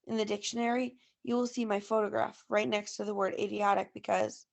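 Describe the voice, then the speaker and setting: A woman teacher reading a first-person novel aloud to a class in a steady storytelling way. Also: mid-range voice, fairly quick, creaky.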